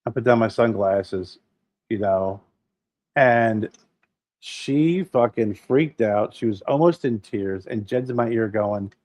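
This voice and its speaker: A man's voice: on the low side, normal speed, no room sound, muffled recording. A middle-aged man co-hosting a casual podcast, telling stories with a lot of swearing and acting out the people he quotes. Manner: animated storyteller, swears freely, acts out quoted people. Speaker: podcast co-host. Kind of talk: casual chat.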